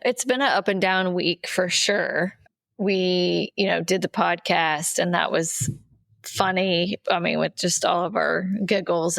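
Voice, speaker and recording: A middle-aged woman speaks slowly and earnestly on a faith podcast, her voice gravelly with fry. She is recorded close and dry from her own location, and her voice rises when she is moved. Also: on the low side, no room sound. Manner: earnest, tearful at times, voice rising when moved. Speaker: podcast co-host. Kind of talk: emotional faith podcast talk. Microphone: remote recording, separate location.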